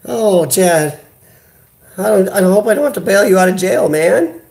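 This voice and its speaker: Animated chatty American man. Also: high-pitched, normal speed, creaky. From United States. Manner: animated, chatty, reads viewer comments aloud. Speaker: livestream host. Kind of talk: casual live chat. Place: hospital room. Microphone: computer webcam.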